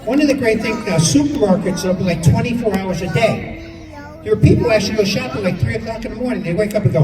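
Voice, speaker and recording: A man from New York doing a stand-up comedy set on stage, exasperated and acting out people in quick bits. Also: very high-pitched, big pitch swings. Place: stage in a large hall with a live audience. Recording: distant, echoey hall with crowd laughter.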